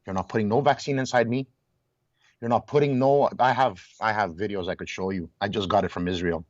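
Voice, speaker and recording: A man's voice: fairly low pitch, a little fast, no room sound, highs cut off. A man talking as a guest in a heated casual conversation, telling stories emphatically and restarting his words often. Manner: animated storyteller, repeats and restarts words, exclaims.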